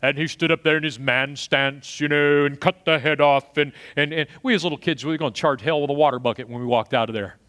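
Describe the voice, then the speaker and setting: Animated high-voiced preacher man. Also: fast talker, hardly any pauses, clean tone. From Texas. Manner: animated, swings between loud punchy asides and quiet storytelling. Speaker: pastor. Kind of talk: sermon.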